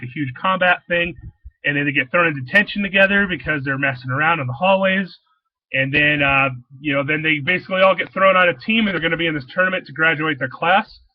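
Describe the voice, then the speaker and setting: A man with a slightly high voice talks through his picks in a loose, enthusiastic ramble, tripping over restarts and fillers as he goes. The sound is a bit dull and muffled, close and dry with no room around it. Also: no echo. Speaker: comic shop owner reviewing new comics. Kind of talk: casual rambling review.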